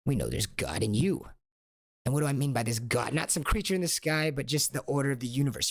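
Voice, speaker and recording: Man, gravelly, husky, lively pitch; solo podcast host, whispery swings. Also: fast, no echo. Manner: dramatic swings between whispers and loud lines. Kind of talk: meditative monologue podcast.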